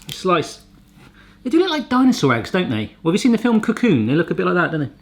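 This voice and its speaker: Quick and very animated, a man with a high, gravelly voice hosts a kitchen gadget video. He's a reviewer and show host, cracking playful jokes in a relaxed vlog chat.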